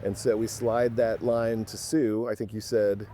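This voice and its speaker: A man co-hosting a podcast, chatting casually on a winter street and thinking out loud. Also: fairly low pitch, level tone, a little slow, slight background noise. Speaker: podcast co-host. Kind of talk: casual outdoor chat. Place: outdoors on a city street in winter.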